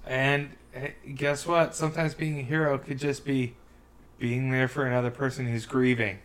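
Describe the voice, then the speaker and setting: A man's voice: mid-range voice, flat delivery, moderate pace. A man co-hosting a podcast in casual chat, rambling and restarting his sentences, with wry asides. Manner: rambling, self-interrupting, wry. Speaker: podcast co-host.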